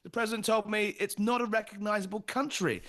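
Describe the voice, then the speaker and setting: A man working as a political journalist and show host, talking briskly and emphatically as he relays quotes from an interview. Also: high-pitched, steady tone, a bit bright. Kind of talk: energetic news talk.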